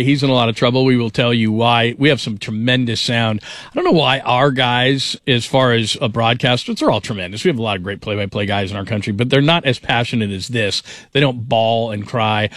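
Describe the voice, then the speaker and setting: A man's voice: mid-range voice, fairly bright tone, no echo, clean studio sound. A man hosting a sports radio show, talking casually and praising callers with enthusiasm.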